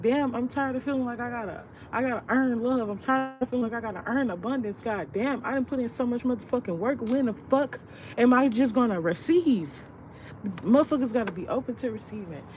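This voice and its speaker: A woman's voice: on the high side, a little mellow. Young woman venting, profane and rambling. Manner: profane, rambling, heartfelt, reflective. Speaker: vlogger. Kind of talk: casual personal venting. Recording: distant, muffled mic with street noise.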